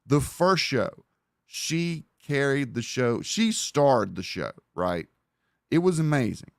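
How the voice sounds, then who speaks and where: A man's voice: mid-range voice, very animated, slow pace, gravelly, no echo, studio quality. A man hosting a livestream, rambling in profane, casual commentary and talking over a video he is reacting to. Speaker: livestream host.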